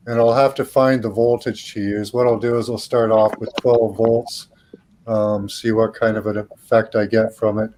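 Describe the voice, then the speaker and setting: A man's voice: fairly low pitch, darkish tone, a little hiss or hum, poor audio. A man in a casual group voice chat, explaining things step by step with fillers. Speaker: chat participant.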